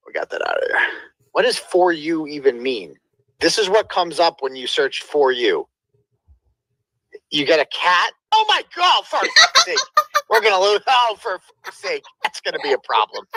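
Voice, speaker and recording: A man giving casual, excitable commentary with swearing. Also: medium pitch, no echo.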